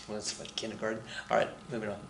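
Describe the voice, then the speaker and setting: A man's voice: on the low side, flat delivery, a little fast, gravelly, roomy sound, slight background noise. A man teaching a casual recorded history lesson, chatty and rambling, with lots of fillers, restarts and joking asides.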